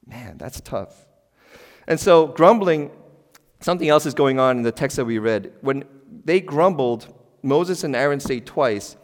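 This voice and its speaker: A man's voice: medium pitch, lively intonation, a little slow. A middle-aged male pastor delivers a sermon with an ordinary mid-range voice. He talks to the congregation in a conversational, emphatic way, firing questions at them. His voice carries a long reverb from a church hall. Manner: conversational and emphatic, asks the congregation questions, sudden loud exclamations. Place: church sanctuary.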